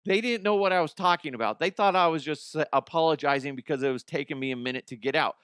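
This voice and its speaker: A man's voice: a little high, fast, fairly bright tone, clean tone, no echo, studio quality. A middle-aged man hosting a comedy podcast, telling profane, rambling stories and acting out the people in them. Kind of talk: crude comic storytelling.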